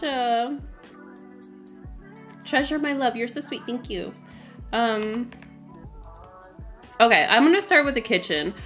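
A woman's voice: a little high, very animated, slow pace, long pauses, fairly bright tone, soft background music. A woman livestreaming a game, chatting casually, with lots of fillers, frequent laughs and greetings to her viewers. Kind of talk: casual livestream chat while playing.

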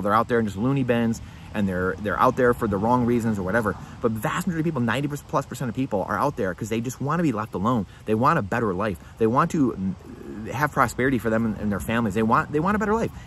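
A male vlogger speaks straight to camera at a rapid clip, hammering points home through repetition and rhetorical questions. His delivery is emphatic and urgent. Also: mid-range voice, slight background noise. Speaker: finance vlogger. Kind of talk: direct-to-camera commentary.

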